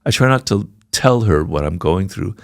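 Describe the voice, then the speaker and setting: Gravelly low-voiced man in his sixties. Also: lively intonation, normal speed, dry recording, clean studio sound. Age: 60s. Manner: frank and reflective. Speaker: podcast guest, author. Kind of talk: candid conversational interview.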